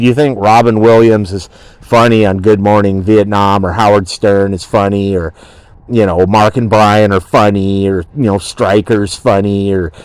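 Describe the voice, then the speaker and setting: A brash man hosting a talk radio show and bragging about himself in a loose, rambling stream. His voice sits a little low. It is recorded dry and close, with no room around it. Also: a little mellow, dry recording. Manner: boastful, swaggering, profane, rambling.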